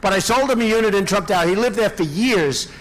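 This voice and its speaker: Older man, 60s, candidate at a rally. High, very lively voice, circles back on himself and repeats lines, boastful asides, faint hiss under it. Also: quick pace, rough recording. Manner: rambling, repetitive, boastful asides. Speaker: presidential candidate. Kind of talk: campaign rally speech. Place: large indoor rally venue.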